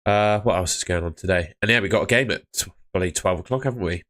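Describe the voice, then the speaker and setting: Low-voiced man chatting on stream. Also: quick pace, fairly bright tone. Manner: chatty, reads out chat comments. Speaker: fantasy football streamer. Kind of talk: casual live stream chat.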